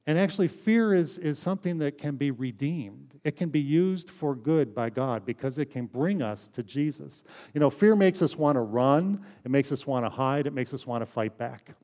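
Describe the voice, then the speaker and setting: A man preaching a sermon in a conversational, story-telling way, often dropping to a soft hush for emphasis. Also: medium pitch, expressive, moderate pace, few pauses. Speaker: pastor.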